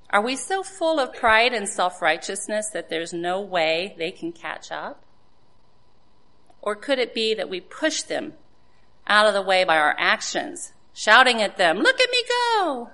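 Woman, devotional speaker, earnest sermon delivery, bright tone, middle pitch. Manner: earnest, preaching with rhetorical questions and scripture citations.

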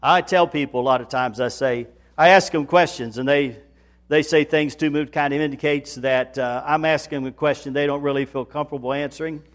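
Man, pastor, folksy sermon, slightly high pitch, emphatic repetition. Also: steady tone, fairly quick. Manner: folksy preaching, rising to loud emphatic repetition.

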